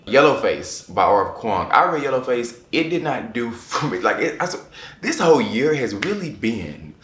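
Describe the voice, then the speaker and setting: A man chatting casually to camera as a book reviewer, animated and repeating phrases for emphasis. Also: mid-range voice, moderate pace, slight background noise. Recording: echoey room.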